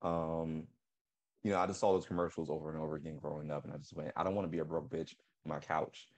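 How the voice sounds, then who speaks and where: A man co-hosting a comedic podcast, telling absurd jokes deadpan and laughing often. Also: very deep voice, quick pace. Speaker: podcast co-host.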